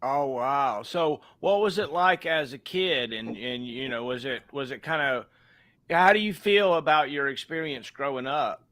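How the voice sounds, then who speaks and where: A man's voice: mid-range voice, a little slow, a bit bright. A man hosting an interview, reacting with short exclamations and asking casual questions. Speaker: podcast host.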